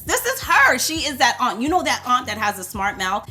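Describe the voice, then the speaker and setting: Bright, loud, chatty woman. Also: on the high side, sing-song, moderate pace, soft background music. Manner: chatty and playful, talks loud. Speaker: perfume reviewer. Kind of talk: casual chat to camera.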